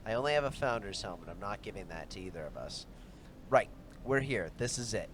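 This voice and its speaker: A man's voice: lowish voice, expressive, brisk, fairly bright tone, slight background noise. A man hosting a let's play, murmuring gameplay commentary with half-whispered asides.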